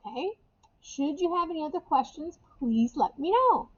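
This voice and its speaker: A woman's voice: sits high, animated, moderate pace, highs cut off. A woman English teacher, talking casually to her remote students while she records class instructions on a camera at home. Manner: casual, chatty, repeats key phrases. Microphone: webcam or camera microphone.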